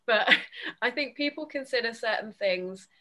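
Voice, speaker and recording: A woman with teaching experience giving her reflective, measured view in a casual conversation. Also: on the high side, sharp tone.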